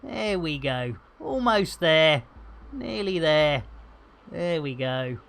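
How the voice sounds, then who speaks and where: A man's voice: on the high side, sing-song, slow pace, vocal fry, a bit bright. A man hosting a live gameplay stream, rambling through jokey banter and cheeky asides. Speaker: livestream host.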